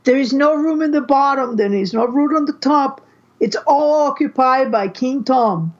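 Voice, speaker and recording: A fairly high-voiced woman talks through her fan theories on a podcast, often stopping and starting her sentences. Her audio is dull and a bit muffled. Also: normal speed. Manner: theorizing, restarts a lot. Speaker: podcast co-host. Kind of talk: casual podcast chat. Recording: muffled lo-fi sound.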